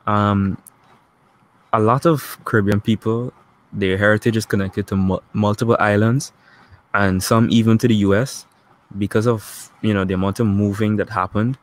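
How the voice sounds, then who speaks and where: A man from Guyana, co-hosting a casual online chat show in a relaxed way. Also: fairly low pitch, moderate pace. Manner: relaxed, talks to viewers in the chat.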